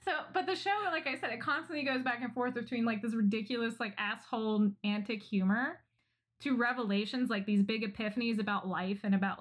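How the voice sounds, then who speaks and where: A woman co-hosting a podcast who tells a story in a casual, animated way and laughs often. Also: mid-range voice. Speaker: podcast co-host. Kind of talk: casual chat.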